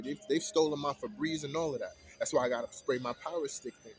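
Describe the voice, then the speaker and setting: A man's voice: medium pitch, fast talker, hardly any pauses, faint music behind. A man ranting heatedly in a casual vlog, retelling an argument in colloquial speech.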